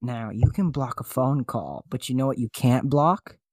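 A man hosting a comedy podcast, goofy and flustered, his voice jumping up high when he panics. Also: moderate pace, a little mellow, slightly rough, no room sound, studio quality. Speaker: podcast host. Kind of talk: comedic casual chat.

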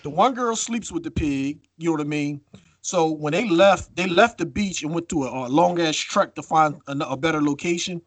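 A man cohosting a podcast, telling stories in a casual, profane, animated way. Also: a little high, normal speed, dry recording. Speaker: podcast co-host.

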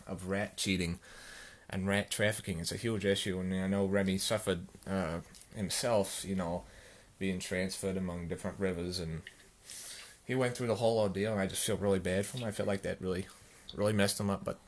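A man's voice: fairly low pitch, a little hiss or hum. A man co-hosting an improvised comedy podcast, rambling in a mock-earnest way. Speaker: podcast co-host.

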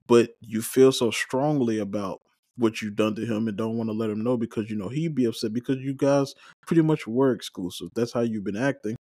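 A man's voice: mid-range voice, fairly even intonation, fairly quick, dark tone, no echo, clean studio sound. A man hosting a watch-along recap, talking casually and giving his opinions at length. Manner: conversational, opinionated, rambling with fillers. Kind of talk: casual solo recap commentary.

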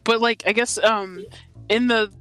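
A woman's voice: on the high side, fairly even intonation, measured pace, fairly bright tone. A young woman co-hosting a podcast, chatting casually and rambling, with many fillers. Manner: rambling, full of fillers and laughs. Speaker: podcast co-host. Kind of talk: casual chat.

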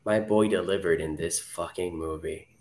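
A man co-hosting a podcast in casual chat, excitable and profane, acting out his own reactions. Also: low-pitched, moderate pace, crowd noise. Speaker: podcast co-host.

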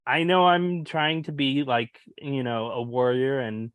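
A man's voice: medium pitch, steady tone, a little slow, fairly bright tone, smooth, dry recording. Casting: male co-host, mid voice, filler-heavy casual talk, dry close mic. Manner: filler-heavy, says "like" constantly. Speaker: podcast co-host. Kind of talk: casual sports chat.

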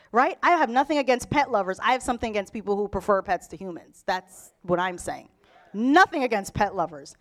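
A woman preaching a sermon in an animated storytelling way, acting out the people in her stories. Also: medium pitch, brisk. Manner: animated, storytelling, mimics characters. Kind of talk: lively sermon with acted-out voices.

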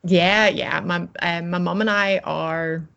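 A woman's voice: on the low side, fairly even intonation, slow, gravelly, lo-fi sound. A woman with a Northern Irish accent, a podcast guest talking casually and cheerfully, laughing often. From Northern Ireland. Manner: chatty, laughs often, warm and upbeat.

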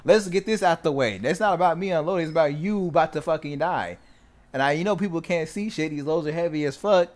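A man telling a story in casual chat, swearing freely and acting out the quotes loudly. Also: fairly high pitch, fast talker. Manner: animated, swears a lot, acts out quotes loudly.

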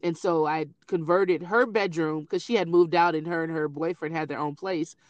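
A middle-aged woman in casual conversation, telling family stories in an animated way. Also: low-pitched, moderate pace, no room sound, lo-fi sound. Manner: animated storyteller who acts out quoted voices. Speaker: grieving mother sharing memories.

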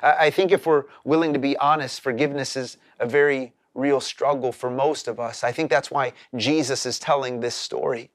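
A man's voice: medium pitch, fairly even intonation, normal speed, hardly any pauses, no echo, studio quality. A man preaching a sermon as a pastor, earnest and explanatory, often repeating words as he starts a phrase.

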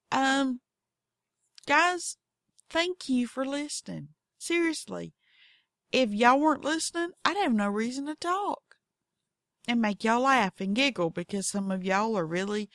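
A woman with a Southern accent talks slowly and folksily, hosting her own podcast. Her voice has a gravelly, fry-tinged edge. It is recorded dry and close, with no room sound. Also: fairly high pitch, no echo. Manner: goofy, folksy, acts out her cats in voices. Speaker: podcast host. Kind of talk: casual storytelling monologue.

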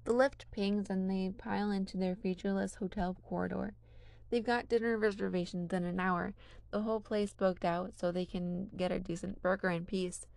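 A woman's voice: medium pitch, steady tone, normal speed, gravelly, a little mellow. A woman narrating a fan fiction story in a casual, wry reading style.

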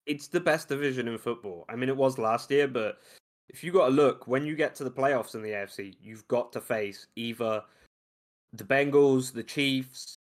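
A young man joins a casual sports podcast as a guest. He talks in a laid-back, slangy way and swears without a second thought. His voice sits at an ordinary pitch. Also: moderate pace.

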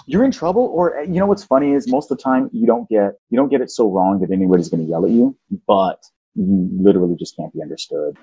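A man's voice: lowish voice, expressive, fast, warm tone, breathy edge, dry recording, lo-fi sound. A man hosting a casual talk show, playfully explaining language and singing out example tones. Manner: playful, teaching, sings out tones. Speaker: podcast host.

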